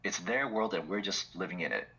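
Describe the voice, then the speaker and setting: Male podcast co-host with a very low, husky voice who chuckles a lot and fills his talk with "like". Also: expressive, brisk, bright, forceful tone, rough recording. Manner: chuckling often, lots of "like" fillers. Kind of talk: casual political chat.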